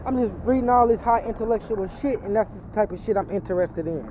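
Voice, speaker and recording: A man's voice: high voice, quick pace, noisy background. Man, personal testimony, rambling, profane, preachy, lo-fi dull recording, city street outside. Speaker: channel host telling a personal testimony. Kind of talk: casual spoken testimony.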